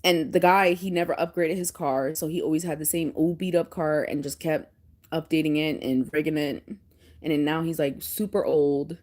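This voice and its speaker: A woman vlogger telling stories in casual chat, animated and often breaking into laughter. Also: low voice, moderate pace.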